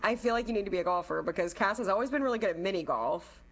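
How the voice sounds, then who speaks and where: A woman co-hosting a podcast in casual chat, easygoing and quick to agree. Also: mid-range voice. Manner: warm, quick to laugh and agree. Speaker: podcast co-host.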